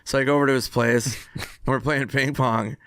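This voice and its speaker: A man's voice: medium pitch, fairly even intonation, brisk, fairly bright tone, smooth, no echo, studio quality. A man telling a casual, profane anecdote on a podcast. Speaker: podcast guest telling a story. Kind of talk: casual storytelling.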